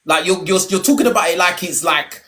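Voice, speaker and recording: A man hosting a group discussion, animated and repeating himself as he makes his points. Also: high-pitched, fairly quick. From Nigerian heritage. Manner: animated, repeats words, says "bruv". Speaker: host.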